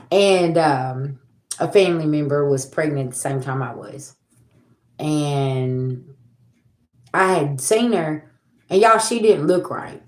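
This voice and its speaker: A woman's voice: deep voice, reverberant, a little hiss or hum. A woman in her forties hosting a livestream, talking bluntly and profanely to her viewers in a preachy, casual way. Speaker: livestream host.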